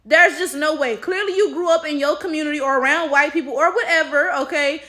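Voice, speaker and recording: Woman, African American accent, high voice, exasperated, emphatic, blunt commentary. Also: brisk, bright, forceful tone. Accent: African American English. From United States. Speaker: commentary vlogger. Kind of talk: opinion commentary.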